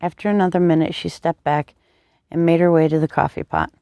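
A woman narrating a romance story in a calm, measured reading. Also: sits low, no echo, studio quality. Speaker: audiobook narrator.

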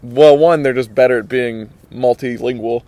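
A young man hosting a casual podcast, speaking in a middle-range voice. His talk is relaxed and loose, with restarts and "man" tossed in at the ends of his sentences. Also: medium pitch, moderate pace. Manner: laid-back, rambling, says "man" a lot. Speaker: podcast host.

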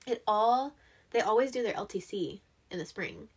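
A woman co-hosting a casual chat, talking things through in a relaxed, reflective way. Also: mid-range voice, normal speed, husky. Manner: chatty, laughs along, reflective on faith. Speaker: podcast co-host.

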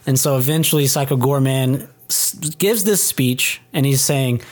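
A man co-hosting a casual movie review podcast, chatting in a relaxed, laid-back way. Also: medium pitch, normal speed. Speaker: podcast co-host.

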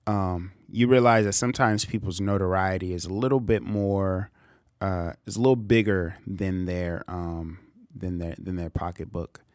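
A man co-hosting a casual podcast, talking in a relaxed way with many fillers. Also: low-pitched, moderate pace, dry recording, studio quality. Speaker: podcast co-host. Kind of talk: casual chat.

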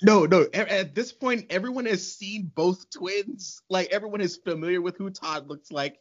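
A man co-hosting a casual podcast chat, animated and exasperated, laughing often. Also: high voice, moderate pace. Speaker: podcast co-host. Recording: muffled lo-fi.

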